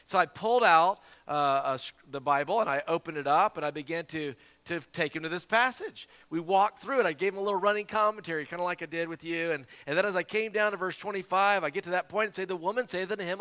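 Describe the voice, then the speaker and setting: A man from South Carolina, an evangelist preaching a sermon and telling a story with lively, repeated words. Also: sits high, fast, hardly any pauses, clear, resonant tone. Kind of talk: sermon with Bible reading. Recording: long hall reverb.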